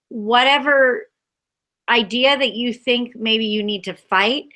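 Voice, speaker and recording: A woman co-hosting a casual spiritual chat, reading oracle cards and acting out lively quotes with frequent laughs. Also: a little high. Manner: animated, laughs often, acts out quotes. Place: Boulder area.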